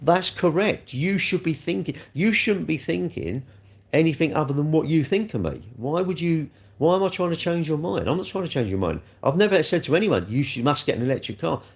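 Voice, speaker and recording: A man's voice: a little high, lively intonation, a little fast. A man, a car dealer hosting a casual livestream, ranting in an exasperated, rambling way and firing rhetorical questions at his viewers.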